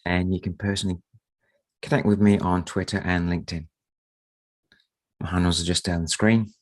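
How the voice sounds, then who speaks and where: A man hosting a live trading webinar, croaky from a sore throat and speaking softly to save his voice. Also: sits low, level tone, normal speed. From Australia. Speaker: market strategist and trading mentor.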